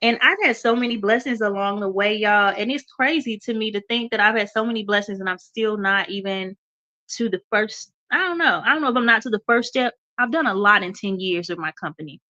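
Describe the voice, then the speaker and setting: A woman's voice: medium pitch, a little fast, sharp tone, highs cut off. A woman hosting a radio show, giving an encouraging motivational talk and calling her listeners y'all, a little stuffy. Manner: encouraging, addresses listeners as y'all, repeats okay.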